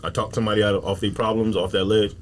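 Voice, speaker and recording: A man's voice: lowish voice, little pitch movement, racing, slight background noise. A man, a comedian, talking emphatically with heavy slang and profanity in a casual podcast chat.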